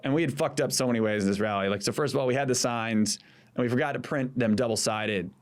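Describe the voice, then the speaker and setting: A man in his thirties, a former campaign manager, telling animated stories in casual podcast chat, acting out quotes and swearing freely. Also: medium pitch, fast talker.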